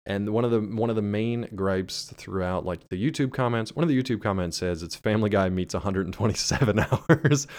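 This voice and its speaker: A man's voice: fairly low pitch, fairly quick, hardly any pauses, darkish tone. A man co-hosting a podcast in casual chat, sardonic and profane, with exaggerated complaints. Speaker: podcast co-host.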